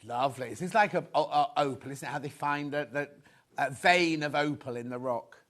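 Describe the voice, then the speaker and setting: A man's voice: a little high, brisk, fairly bright tone. A man presenting fabrics on a live TV shopping show, chatty and rambling, full of anecdotes.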